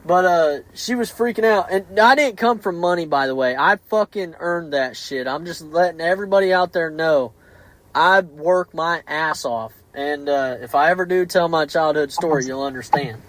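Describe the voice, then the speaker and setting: A man hosting a podcast, telling stories in an animated, profane way with many restarts. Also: a little high, moderate pace, no echo, rough recording. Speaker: podcast host. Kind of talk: casual podcast chat.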